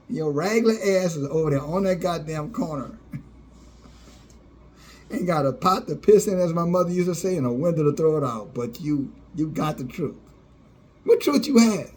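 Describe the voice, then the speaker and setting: A man's voice: fairly high pitch, expressive, unhurried, pauses often, a little mellow. Scornful, mocking male preacher. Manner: scornful, sarcastic, laughs often, profane. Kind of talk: fiery mocking sermon.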